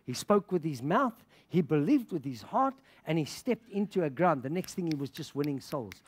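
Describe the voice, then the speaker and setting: A middle-aged pastor from Africa preaching with passion. His voice sits high for a man and swings all over the place as he acts out the people in his stories. He laughs between anecdotes. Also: sing-song, moderate pace, breathy edge. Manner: passionate storytelling with laughter and quoted dialogue. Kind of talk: sermon.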